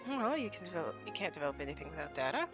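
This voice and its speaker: A woman's voice: sits low, very animated, rapid-fire, highs cut off. A woman reading aloud the lines of a pompous, scheming toy shop clerk in a game, in a theatrical, flowery manner. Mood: explaining. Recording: game music behind.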